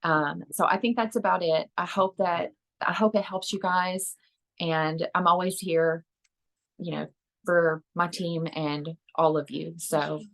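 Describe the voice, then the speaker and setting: A woman's voice: fairly low pitch, fairly even intonation, unhurried, vocal fry, a bit bright, low-quality recording. A woman giving an earnest, rambling motivational talk at a team meeting, with many fillers and restarts. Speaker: team member sharing at an online meeting.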